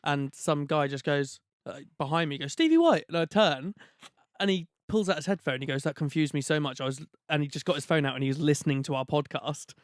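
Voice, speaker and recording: A man co-hosting a podcast, chatting in a relaxed, conversational way. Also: on the high side, a little fast, no echo, clean studio sound. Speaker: podcast co-host. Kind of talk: casual podcast chat.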